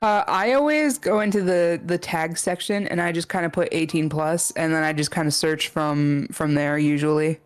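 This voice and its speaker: A young woman co-streaming, chatting casually in a relaxed, rambling way with hesitant restarts. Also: deep voice, normal speed, hardly any pauses, clean tone, faint music behind. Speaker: co-streamer guest. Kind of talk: casual livestream chat.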